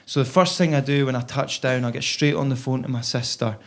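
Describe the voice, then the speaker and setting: A man's voice: medium pitch, fairly even intonation, fairly quick. A Scottish man doing stand-up, telling a long story chattily and tagging his lines with "right?". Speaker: stand-up comedian.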